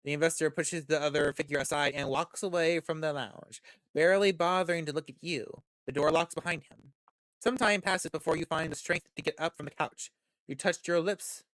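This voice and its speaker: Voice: mid-range voice, fairly even intonation, fairly quick, a bit bright, dry recording, studio quality. A gaming streamer reading a visual novel aloud, joking, laughing and swearing at the story.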